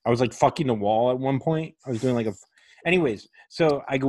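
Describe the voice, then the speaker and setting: A man's voice: mid-range voice, lively intonation, fast, a little mellow, no echo. A male comedian hosting a casual podcast, spinning a long rambling story full of swearing. His voice is recorded dry and close, with no room sound around it.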